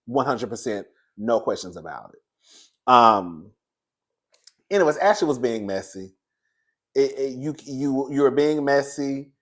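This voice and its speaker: A man giving casual, sassy commentary on a reality TV episode, chatty and quick to laugh. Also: medium pitch, expressive. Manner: sassy, chatty, laughs often, calls viewers "girl" and "baby". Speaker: reality TV reviewer.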